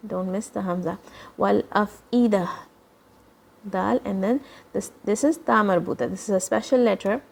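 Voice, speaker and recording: A woman teaching children Quran recitation, patiently explaining each sound and modeling words slowly for them to copy. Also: mid-range voice, creaky, darkish tone. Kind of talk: children's tajweed lesson.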